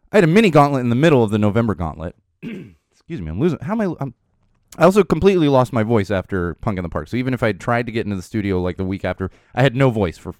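A thirties-aged man from the Los Angeles area hosts a podcast in a studio, his lowish, darkish voice captured cleanly with no echo. He rambles casually through the chat, full of fillers, laughter and the occasional curse.

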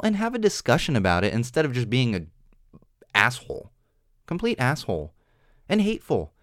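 A man's voice: on the high side, sing-song, quick pace, dry recording, studio quality. A young man hosting a solo podcast, rambling with many restarts, earnest and exasperated. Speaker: podcast host. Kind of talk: solo opinion monologue. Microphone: studio microphone.

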